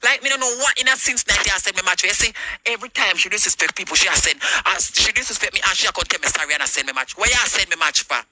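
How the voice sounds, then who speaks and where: Jamaican woman, heated livestream rant, very sharp piercing tone, confrontational, swears a lot, repeats herself. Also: medium pitch, fast, dry recording, poor audio. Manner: confrontational, repetitive, heavy swearing.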